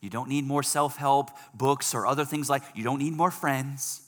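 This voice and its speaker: A man preaches from the front of a church, his voice sitting in an ordinary middle pitch. He tells stories with lively, punchy emphasis, then drops into quieter, earnest appeals. A long reverb from the large hall trails after each phrase. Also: normal speed. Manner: animated preaching, swings from loud emphasis to soft. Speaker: pastor. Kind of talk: sermon.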